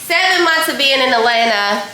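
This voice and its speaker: A young woman from Pittsburgh, a hairstylist, telling a story casually to her viewers while she cooks in her kitchen, chatty and animated. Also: high voice, moderate pace, reverberant. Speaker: vlogger and hairstylist. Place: home kitchen.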